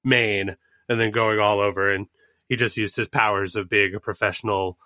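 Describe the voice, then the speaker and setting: A man's voice: lowish voice, fairly even intonation, bright, forceful tone, dry recording, studio quality. A man with a mixed Boston, Southern and Midwestern accent, co-hosting a casual podcast chat, brash and profane. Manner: brash, profane and quick, breaking into laughs. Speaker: podcast co-host.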